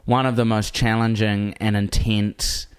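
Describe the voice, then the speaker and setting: A man's voice: lowish voice, a little slow, smooth. A man with a New Zealand accent, a comedian telling a story in casual chat and acting out the people he quotes. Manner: animated, acts out quoted people. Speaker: comedian guest.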